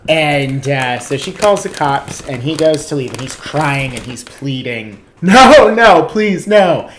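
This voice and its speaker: A man's voice: mid-range voice, unhurried, slight background noise. Wry, self-mocking man telling a story. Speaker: comedian guest. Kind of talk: casual podcast storytelling.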